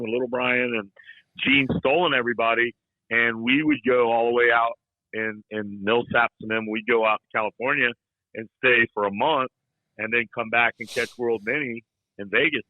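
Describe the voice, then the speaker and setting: Through narrow, tinny audio with no room sound, a medium-pitched middle-aged man chats casually, telling meandering folksy stories. He leans on "you know" a lot and ribs people playfully.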